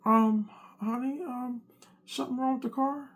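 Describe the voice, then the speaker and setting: A man's voice: very high voice, fairly even intonation, a little slow, voice pushed up. A man voicing his worried wife in a raised, hesitant voice while telling a story. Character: flustered wife, high and anxious.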